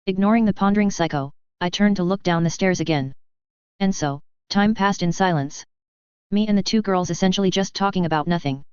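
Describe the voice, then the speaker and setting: A woman narrating a first-person fan fiction story in a steady, even reading. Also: mid-range voice, fairly quick, clean tone, no echo. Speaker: story reader. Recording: dull lo-fi audio.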